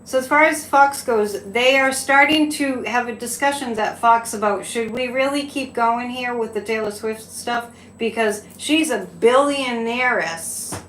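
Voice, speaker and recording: A woman's voice: fairly high pitch, a little slow, hardly any pauses, fairly bright tone, a little hiss or hum. A woman hosting a psychic live stream, talking casually with frequent laughs and incredulous asides. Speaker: psychic livestream host. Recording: echoey room with faint ambience.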